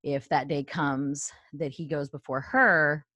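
A middle-aged woman with a notably low voice speaks candidly and chattily, working through her thoughts out loud. The sound is dry and close, with no room around it. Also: steady tone, takes it slowly, dry recording, lo-fi sound. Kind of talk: casual conversation.

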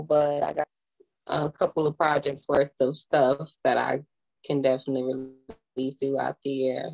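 A woman's voice: low voice, gravelly, a little mellow, poor audio. A young woman rapper chatting casually in an interview, laid-back, with lots of "um" and "like". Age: young adult. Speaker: rapper guest.

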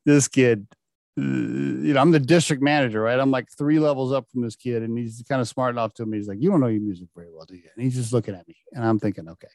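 A middle-aged man telling a casual anecdote about his job. He laughs often and acts out the dialogue with lively shifts in his voice. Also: medium pitch, fast, vocal fry, no room sound, studio quality. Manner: animated, laughing often, acting out quoted dialogue. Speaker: storyteller recounting a work anecdote.

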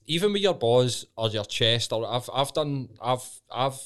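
A man's voice: mid-range voice, animated, measured pace, a bit bright, clear, resonant tone. A Scottish man hosting a casual podcast chat with teasing, sweary banter.

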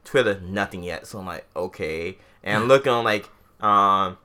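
A man's voice: sits low, moderate pace, sharp tone. A young man co-hosting a podcast, chatting casually and rambling through stories with a lot of "like" and some swearing. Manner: rambling, swears, retells with lots of "like". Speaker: podcast co-host. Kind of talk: casual chat.

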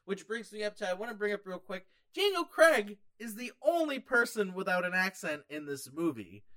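Podcast co-host, male, animated and jokey, fairly high pitch. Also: moderate pace. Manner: animated, jokey, slips into quoted voices. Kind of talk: casual chat about a movie.

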